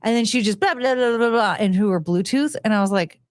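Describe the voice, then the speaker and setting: A woman in her forties hosts a podcast in loose, rambling chat. She laughs often and swears casually. Her voice is mid-pitched and recorded close and dry. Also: fast talker, dry recording. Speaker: podcast host.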